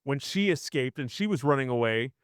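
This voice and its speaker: Man, mid-pitch, casual co-host who narrates scenes with animated asides, dry sound. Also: fairly quick, clean tone, no echo. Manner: animated retelling of scenes, quoting his own reactions. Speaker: podcast co-host reviewing a film. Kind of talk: casual chat.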